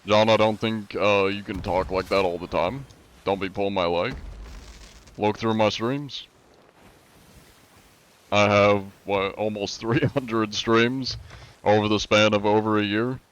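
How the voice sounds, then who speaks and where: A relaxed American man speaks in a somewhat low voice as he chats with viewers during a live game stream. His talk is loose and rambling, with plenty of casual fillers between thoughts. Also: unhurried, long pauses, clear, resonant tone, muffled recording. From USA. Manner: laid-back, rambling, many fillers like "like". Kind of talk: casual chat with viewers while gaming.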